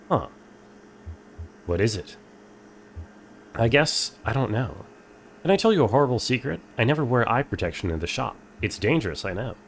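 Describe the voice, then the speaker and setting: A man's voice: on the low side, slight background noise. A young man streaming a game, reading its text aloud and chatting dryly with viewers. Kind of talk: casual game playthrough commentary.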